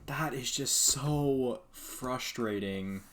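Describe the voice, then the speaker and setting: A man's voice: medium pitch, very slow, fairly bright tone. A man giving casual commentary while playing a hockey video game, exasperated and sarcastic, muttering to himself. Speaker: gaming YouTuber.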